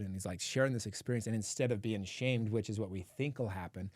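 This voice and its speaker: Male podcast guest, low and dry, earnest storyteller, loose chatty fillers. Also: a little fast, few pauses, darkish tone, no echo. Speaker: podcast guest, men's coach. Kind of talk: casual podcast conversation.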